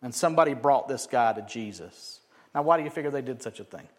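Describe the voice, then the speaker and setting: A man preaching a sermon, animated, swinging from loud emphatic bursts to quiet joking asides. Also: medium pitch, fast. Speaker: pastor.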